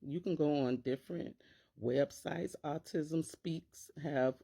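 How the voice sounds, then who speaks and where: A woman's voice: deep voice, takes it slowly, vocal fry, warm tone, breathy edge. A middle-aged woman, a teacher and parent, talking casually to camera and acting out worried inner voices in quotes.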